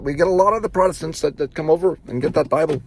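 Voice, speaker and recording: A man doing a high put-on Irish salesman. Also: fast, vocal fry, a little hiss or hum. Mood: persuasive. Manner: hesitant sales pitch with fillers. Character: Irish-accented door-to-door Bible salesman, smooth pitching man.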